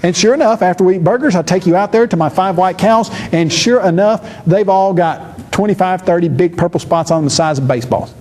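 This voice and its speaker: Male lecturer, high-pitched, lively and theatrical, plays out the people he quotes. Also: brisk, hardly any pauses. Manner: lively, acts out quoted speakers with shifting pitch. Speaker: church seminar lecturer. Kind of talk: animated teaching lecture.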